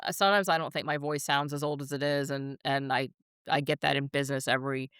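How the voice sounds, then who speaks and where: A woman's voice: rumbling low, fairly even intonation, quick pace, fairly bright tone, clear, resonant tone, no room sound, clean studio sound. Blunt, laughing woman in her fifties. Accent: slight New Jersey. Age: 50s. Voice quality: blunt, swears freely, laughs often. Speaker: podcast co-host. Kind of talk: casual chat.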